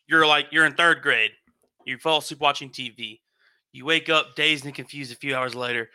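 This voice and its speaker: A man's voice: on the high side, fairly even intonation, normal speed, sharp tone, smooth. A young man in casual group chat, telling rambling, nostalgic stories.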